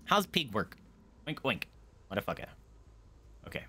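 A male streamer giving excitable gameplay commentary and swearing freely. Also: medium pitch, normal speed, slight background noise.

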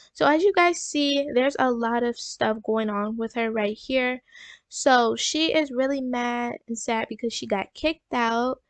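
Woman, gaming host, casual let's-play talk, rambling with fillers, slightly high voice, dry close sound. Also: no echo. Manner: rambling, full of fillers like "like" and "and stuff".

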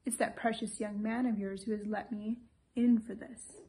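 A woman's voice: mid-range voice, level tone, moderate pace, warm tone, natural voice. A woman voicing a grumbling, fussy old English lord who complains plaintively in an audiobook reading.

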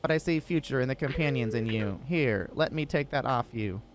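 A man voicing a gentle small male robot drone, reading its lines aloud in an earnest, plain way. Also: mid-range voice, animated, a little fast, voice pushed down, close to an everyday voice. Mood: tender. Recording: noisy background.

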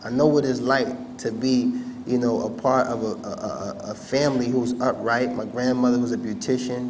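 A man speaking to an audience at a university campus event, telling a personal story in an animated way with slangy asides. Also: medium pitch, a little hiss or hum.

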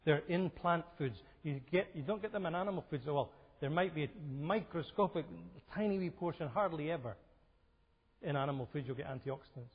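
Husky man lecturing in a reverberant hall. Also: a little high, lively intonation, fairly quick, highs cut off. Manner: conversational, asks the audience questions. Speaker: health seminar presenter. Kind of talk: church health seminar talk. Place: church hall.

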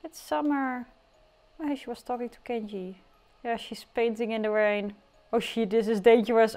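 A woman's voice: mid-range voice, fairly even intonation, unhurried, vocal fry, a little mellow, smooth. A woman casually narrating her life simulation gameplay in a chatty, teasing way, with playful outbursts. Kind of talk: casual game commentary. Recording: faint music behind.

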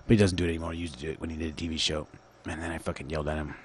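A man's voice: very deep voice, flat delivery, very fast, slight background noise. A man hosting his own show, rambling through a crude, profane, absurd monologue into a computer call setup. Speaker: solo show host.

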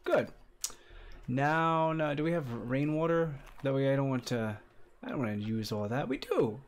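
Excitable young male game streamer. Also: normal speed, slight background noise. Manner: excitable, chatty, greets viewers, bursts into high squeals and laughs. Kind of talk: casual live-stream commentary. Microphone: desk condenser mic.

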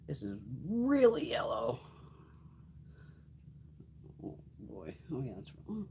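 A woman's voice: deep voice, wildly swooping pitch, measured pace, vocal fry, long pauses, warm tone. A chatty middle-aged woman hosting a live beauty stream from her makeup room at home. Her voice moves up and down a lot as she tells stories, swears freely and laughs. There's a faint hum of room noise behind her. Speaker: beauty livestream host. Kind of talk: casual livestream chat.

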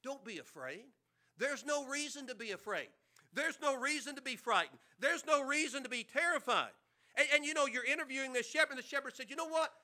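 A man's voice: extremely high pitch, expressive, fairly quick, bright, forceful tone. A man pastor preaching a sermon in a church, conversational, with rhetorical questions and repeated words.

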